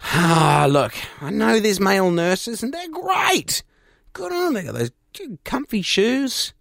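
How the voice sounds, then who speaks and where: A man's voice: sits high, big pitch swings, slow pace, creaky, fairly bright tone, no echo, studio quality. An Australian man co-hosting a radio show, joking around in casual banter. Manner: joking, puts on silly voices. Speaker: radio co-host.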